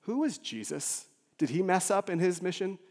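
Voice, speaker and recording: A man, a lead pastor, preaching a sermon with emotional swings from loud urgency to soft near-whispers. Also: high-pitched, very animated, moderate pace. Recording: long hall reverb.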